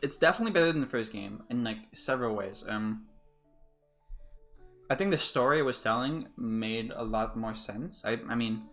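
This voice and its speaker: A man's voice: medium pitch, expressive, moderate pace, fairly bright tone. Casual let's-play guy, rambling and swearing, game music under him. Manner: rambling, swearing, many fillers and restarts. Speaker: streamer.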